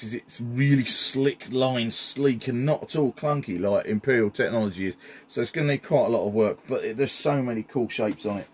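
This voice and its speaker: With a breathy edge to his mid-range voice, a middle-aged man excitedly walks through his hobby scenery builds. He fills the casual show-and-tell with plenty of ums.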